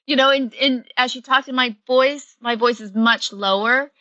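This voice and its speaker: Bright-voiced chatty actress, dry sound. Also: female voice, a little high, unhurried, no room sound, highs cut off. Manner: chatty, many fillers, laughs often. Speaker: actress guest. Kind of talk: casual interview chat.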